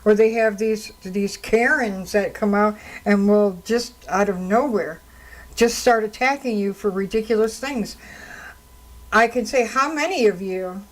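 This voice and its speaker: Fairly high-voiced woman radio host. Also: low-quality recording. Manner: indignant, conversational storytelling. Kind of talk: solo radio talk commentary. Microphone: studio microphone.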